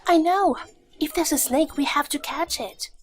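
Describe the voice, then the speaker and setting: An actress playing a sharp-tongued, unflappable young wife in a dubbed drama, brisk and teasing. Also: female voice, high voice, slight background noise, lightly acted. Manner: brisk and teasing, dryly mocking.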